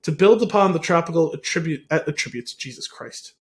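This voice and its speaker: A man's voice: fairly high pitch, expressive, a little fast. A man co-hosting a podcast in casual chat, stumbling over words as he reads aloud and laughing at himself. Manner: stumbling over reading, self-mocking. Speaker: podcast co-host. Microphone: computer mic at home.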